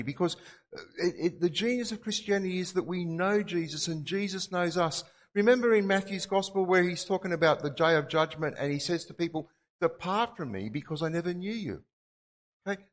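A man's voice: high-pitched, long reverb tail. A man preaching a sermon, earnest and repeating his key phrases for emphasis. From Australia.

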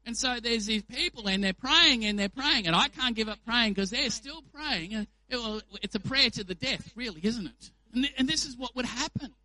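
A man preaching a sermon. He speaks in a conversational, animated way and uses playful examples. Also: very high voice, normal speed, few pauses, no echo, poor audio.

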